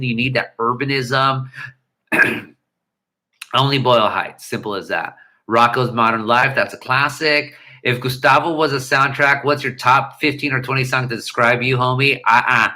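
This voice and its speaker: A man's voice: medium pitch, pushed and bright. A middle-aged man hosting a casual livestream chat and answering viewer questions in a blunt, irreverent, rambling way.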